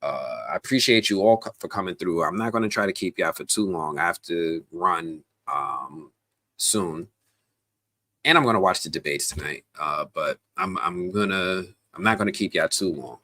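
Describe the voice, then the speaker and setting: Guy hosting a live stream, kinda low voice but bright and punchy, talks to chat, lots of ums and slang. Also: normal speed. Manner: chatty and animated, many fillers and restarts; slangy, addresses viewers directly.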